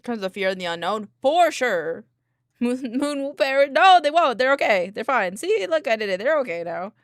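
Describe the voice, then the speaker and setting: A woman hosting a livestream, chatting casually with her viewers in a bubbly, playful way, giggling often and quick to apologize or reassure. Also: a little high, big pitch swings, no echo, studio quality. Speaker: livestream host. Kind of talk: casual chat with live viewers.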